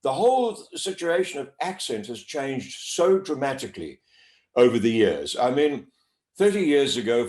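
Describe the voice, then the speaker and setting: A man from Africa, a voice coach giving measured, emphatic interview answers to a camera. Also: mid-range voice, darkish tone. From South Africa. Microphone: speaking to camera. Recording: roomy echo.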